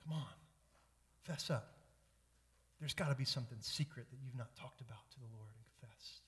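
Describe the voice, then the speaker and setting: Pastor doing smug accusing friends, needling, slightly raised pitch, echoing church. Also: male voice, moderate pace, lightly acted. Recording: long church reverb.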